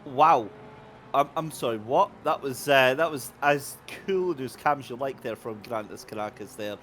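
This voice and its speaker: A male race commentator with an everyday mid-range voice, calling the action with excitable energy and a jokey streak. He trades banter with his co-host, and a faint hiss of noise sits under the recording. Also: medium pitch, moderate pace. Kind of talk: sim racing commentary.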